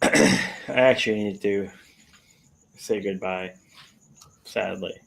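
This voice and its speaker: Low, chatty man on a stream. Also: fairly even intonation, takes it slowly, creaky, low-quality recording. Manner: loose, chatty, swears casually. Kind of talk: casual chat on a live stream.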